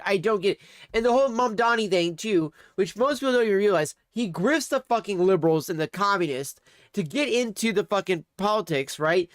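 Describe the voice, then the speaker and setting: A man's voice: high-pitched, a bit bright, dry recording, clean studio sound. A man on his livestream, ranting angrily and sarcastically, swearing heavily. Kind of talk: angry livestream commentary. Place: home streaming setup.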